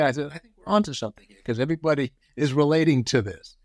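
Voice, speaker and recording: A man's voice: fairly high pitch, rapid-fire, no room sound. A man in his sixties telling anecdotes in an interview, acting out the quoted voices with a chuckle. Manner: storyteller who acts out quoted voices, chuckling. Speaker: guest.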